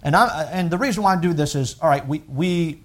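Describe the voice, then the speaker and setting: A man preaching a sermon, emphatic and swelling to loud peaks on key points. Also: on the high side, fairly quick. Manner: emphatic, rising to loud peaks when quoting scripture and critics. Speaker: pastor.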